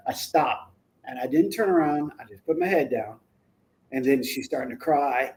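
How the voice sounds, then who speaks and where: A man in his forties telling a personal family story as a parent on a talk show, earnest and emphatic, breaking into louder, higher bursts at key moments. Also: moderate pace, poor audio. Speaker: parent of the guest.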